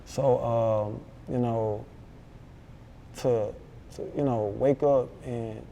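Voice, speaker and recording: A man with a Memphis accent, a rapper telling a story in a casual interview, animated and full of slang, acting out what others said. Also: mid-range voice, very slow, dull audio, slight background noise. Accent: Southern US, Memphis. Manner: animated, slangy, acts out quoted dialogue. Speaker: rapper guest.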